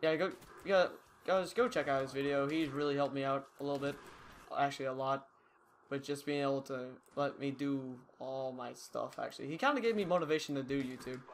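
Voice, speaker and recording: A man's voice: mid-range voice, brisk. A young man giving casual, rambling, self-mocking commentary over his own gameplay. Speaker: gaming YouTuber.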